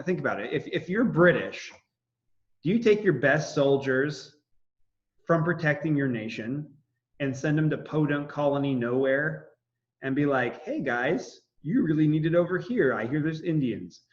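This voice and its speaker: A man's voice: medium pitch, muffled recording. A man giving a casual history lecture, rambling with many fillers and restarts. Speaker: history teacher.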